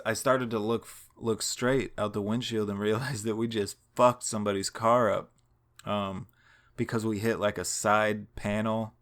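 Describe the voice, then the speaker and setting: A man telling a long story in a casual, rambling and profane way, laughing now and then. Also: lowish voice.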